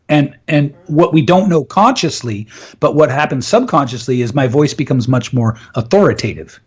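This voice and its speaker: A man's voice: a little high, lively intonation, normal speed, husky. A man in an interview, enthusiastically explaining voice and communication techniques and often laughing. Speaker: voice and communication coach.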